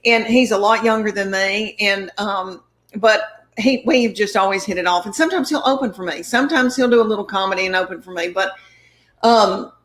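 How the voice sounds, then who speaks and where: A woman's voice: mid-range voice, brisk. Woman comic, rambling storyteller, acts out quotes in a chatty interview. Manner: rambling, animated anecdotes with quoted dialogue. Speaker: comedian guest.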